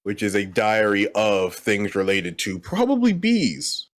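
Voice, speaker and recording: A man co-hosts a podcast in casual chat, trading teasing, deadpan jabs. His voice is mid-pitched yet extremely animated, rising and falling widely. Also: unhurried. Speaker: podcast co-host.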